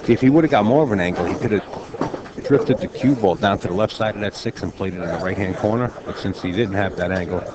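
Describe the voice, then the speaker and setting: A man commentating a live pool match, calmly explaining shot options and cue ball position. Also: fairly low pitch, fast talker, heavy background noise.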